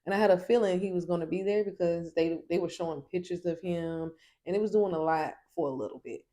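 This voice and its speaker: Sassy woman reviewer, low-ish voice, casual recap. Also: fast talker, dark tone. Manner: sassy, emphatic. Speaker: TV show reviewer.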